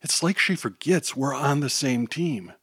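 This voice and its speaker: A man's voice: medium pitch, lively intonation, a little slow, a bit bright, breathy edge, no echo, heavily acted. A man voicing a teenage boy superhero leader who talks in an urgent, exasperated way. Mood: weary.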